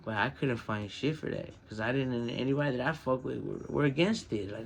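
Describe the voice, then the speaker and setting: A man's voice: fairly quick, vocal fry, a little hiss or hum. Profane streetwise man telling stories. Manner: heavily profane, streetwise slang; animated, pitches up when quoting people. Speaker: podcast host. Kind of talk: casual personal storytelling.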